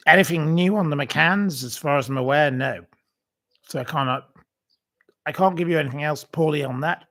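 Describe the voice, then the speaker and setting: A man's voice: a little high, a bit bright. Man rambling through a casual anecdote. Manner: rambling anecdotal storytelling with many fillers. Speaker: channel host. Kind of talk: casual livestream chat.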